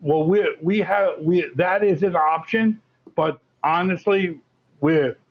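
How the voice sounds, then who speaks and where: A gravelly man with a fairly high voice speaks as a guest on an interview show, chatty and animated and often restarting his sentences. The sound is muffled and lo-fi. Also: takes it slowly. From Florida. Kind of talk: casual interview talk. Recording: lo-fi muffled audio.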